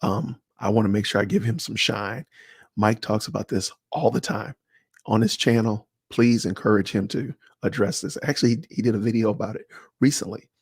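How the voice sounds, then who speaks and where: Gravelly man casually chatting on a livestream. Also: on the low side, moderate pace, no room sound, studio quality. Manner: animated, talks to chat viewers by name, slangy. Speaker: livestream host. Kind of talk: casual livestream chat reading comments.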